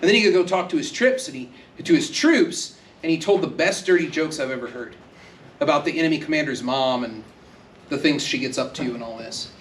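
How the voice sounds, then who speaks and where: A man's voice: on the high side, animated, a little fast, slight background noise. A man from Texas giving a conversational university lecture, joking and acting out quoted voices. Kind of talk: classroom lecture. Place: university classroom. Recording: echoey classroom, speaker far from mic.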